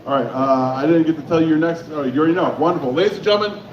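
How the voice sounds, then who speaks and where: A man's voice: fairly high pitch, racing. Bantering man emceeing a comedy night. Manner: teasing, bantering with the room. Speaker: comedy show host. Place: comedy club on stage. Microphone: handheld stage mic. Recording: echoey lo-fi club with crowd.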